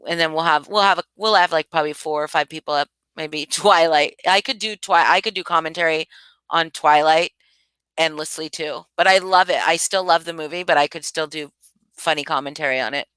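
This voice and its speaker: A woman with a lowish, bright voice chats loosely with her live audience, circling back and restarting as she thinks aloud. Her tone is smooth and crisp, recorded dry and close. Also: a little fast, dry recording. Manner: rambling, thinks aloud, frequent restarts and asides. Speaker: livestream host. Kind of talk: casual live chat answering viewers.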